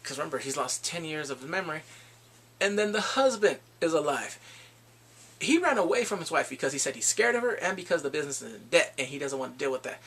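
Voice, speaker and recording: Gravelly, animated man recapping a movie. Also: fairly high pitch, fast. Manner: animated, reacts with exclamations and gasps. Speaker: movie reviewer.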